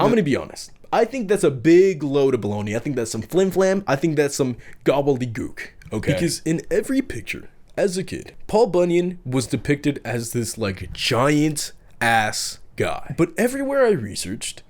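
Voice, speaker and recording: A man's voice: a little high, big pitch swings, a little fast, a little mellow. A young man telling folk tales in a rambling, profane comedy vlog with exaggerated outbursts. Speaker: YouTube host.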